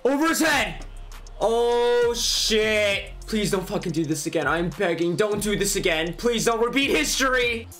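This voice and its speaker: A young man commentating his own baseball video game, excitable, swearing and yelling at the players. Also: sits high, a little slow, soft background music. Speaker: gaming YouTuber. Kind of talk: live gameplay commentary.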